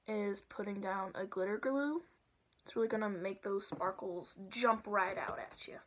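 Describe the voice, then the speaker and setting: A young woman chatting casually and playfully through a makeup tutorial at home, sometimes dropping to soft asides. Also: medium pitch, normal speed. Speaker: makeup vlogger.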